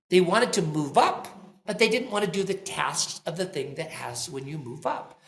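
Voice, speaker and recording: A man's voice: high-pitched, normal speed. A man who founded a company, talking in a podcast interview and acting out the voices of people in his stories. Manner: animated storyteller, acts out quoted dialogue. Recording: roomy echo.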